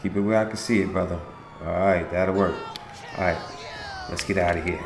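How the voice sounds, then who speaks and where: A man's voice: low voice, steady tone, fairly quick, long pauses, echoey room, slight background noise. A man giving casual, slangy commentary while playing a video game, chatting to the characters on screen. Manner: laid-back, slangy, talks to game characters.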